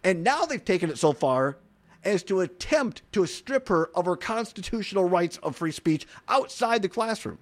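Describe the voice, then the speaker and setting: A man hosting an opinionated talk radio show from a studio, animated and mocking, laughing often. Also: high voice, moderate pace.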